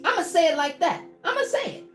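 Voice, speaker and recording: Lively high-voiced woman coaching with fervor. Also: quick pace. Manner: preachy and encouraging, calls listeners baby, asks for replies. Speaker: motivational coach on a livestream. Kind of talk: live-streamed motivational talk. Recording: roomy echo with faint music.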